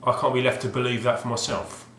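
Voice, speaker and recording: A man's voice: mid-range voice, fairly even intonation, fast talker, fairly bright tone. Rambling man in an echoey room. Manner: hesitant, restarts often, wry. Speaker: video game collector vlogger. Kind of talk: rambling casual monologue. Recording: roomy echoey home recording.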